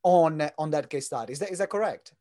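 A man's voice: a little high, fast talker, mellow. Hesitant male podcast host. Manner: hesitant, many fillers. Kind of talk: podcast interview.

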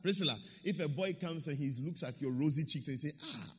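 A male pastor preaching a lively sermon, acting out quotes and pausing for his interpreter. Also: fairly high pitch, breathy edge, in a large hall, faint music behind. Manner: animated preaching, acts out quotes, pauses for interpreter. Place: church hall.

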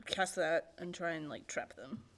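A woman's voice: deep voice, normal speed, a bit bright, a little hiss or hum. A woman playing a tabletop game, talking casually and thinking aloud as she checks her spell. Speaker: player.

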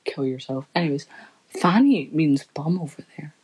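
A woman's voice: sits low, expressive, normal speed, a little mellow, slightly rough, rough recording. A young woman rambling through a story in casual chat, swearing constantly as a podcast co-host.

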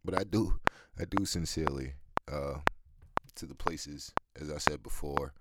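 Deep-voiced man ranting on his podcast. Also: measured pace. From United States. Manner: candid, rambling, laughs often, swears freely. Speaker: podcast host. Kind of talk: casual solo podcast monologue. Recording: loud background noise.

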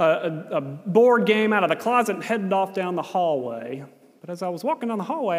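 An American man preaching a sermon, telling a self-mocking story in an animated way. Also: sits high, in a large hall.

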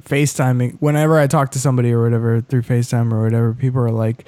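A man, a comedian co-hosting a podcast, chatting casually in halting, hesitant phrases. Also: mid-range voice, little pitch movement, mellow, no echo. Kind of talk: casual chat.

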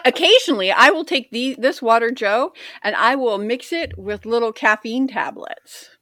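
A woman's voice: a little high, expressive, moderate pace, sharp tone, no echo. A woman co-hosting a podcast in casual chat, rambling and self-deprecating. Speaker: podcast co-host.

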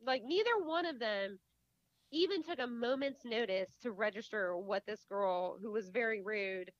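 A woman's voice: on the high side, moderate pace, dull audio. A woman in her thirties co-hosting a casual podcast, telling stories and acting out what people said. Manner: animated storyteller, acts out quotes. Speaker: podcast co-host. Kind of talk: casual chat.

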